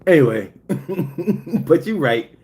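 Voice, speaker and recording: A man hosting a casual livestream, reading chat and telling joking, profane stories. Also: takes it slowly. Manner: animated, swings high when telling stories.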